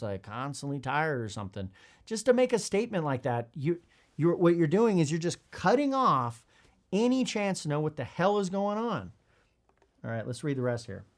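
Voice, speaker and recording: A male podcast host reads from a parenting book and comments on it in a blunt, casual way, swearing now and then. His pitch swings widely, rising high when he gets worked up and dropping low when he talks quietly. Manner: animated, blunt, swears, acts out kids in high voices.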